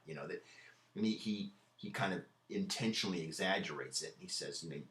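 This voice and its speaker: A man's voice: deep voice, brisk, a bit bright, reverberant. A man giving a casual literature lecture, retelling a play in everyday slang with many repeated words. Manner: casual, conversational, repeats words, paraphrases lines in modern slang. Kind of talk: classroom lecture. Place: lecture room.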